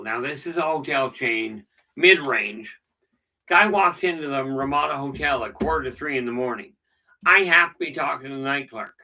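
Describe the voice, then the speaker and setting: A man's voice: fairly high pitch, pushed and bright, far from the mic, low-quality recording. A middle-aged man hosting a casual live stream, telling stories with dry jokes. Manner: chatty storyteller with dry jokes. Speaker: channel host.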